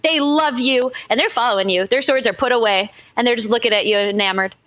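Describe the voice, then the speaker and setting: A woman's voice: fairly high pitch, quick pace, a bit bright. Woman narrating as game master. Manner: casual, fluid narration.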